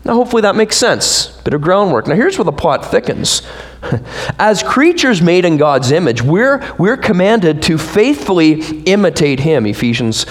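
A pastor delivering a sermon in a church. His voice sits high for a man and swings widely in pitch as he preaches. He drives his points home with rhetorical questions and light asides to the congregation. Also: big pitch swings, moderate pace.

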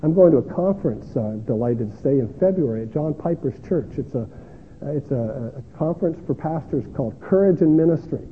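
Earnest pastor in a reverberant hall. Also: male voice, on the high side, animated, brisk, a little hiss or hum. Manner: earnest, self-deprecating, with restarts. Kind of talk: sermon. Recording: tinny lo-fi sound in a long-echoing hall.

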